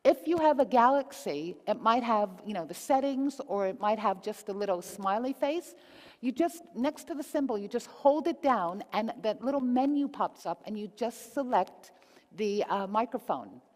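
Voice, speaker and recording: Here a conference speaker addresses a live audience with cheerful energy, frequently quizzing the crowd. Her voice leans high, with lively intonation, a darkish tone and normal speed, echoing through a reverberant hall.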